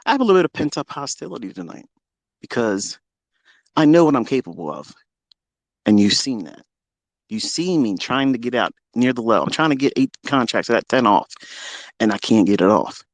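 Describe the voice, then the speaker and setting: A man hosting a live audio stream, delivering a heated, profane and boastful rant that swings between loud outbursts and low muttering. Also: big pitch swings, moderate pace, no room sound. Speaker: trading educator and Twitter Space host.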